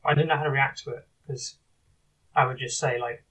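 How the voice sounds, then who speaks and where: A man recording a confessional video diary, talking in a halting, rambling way with many restarts. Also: medium pitch, fairly even intonation, a bit bright, husky, far from the mic, poor audio. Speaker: video diarist.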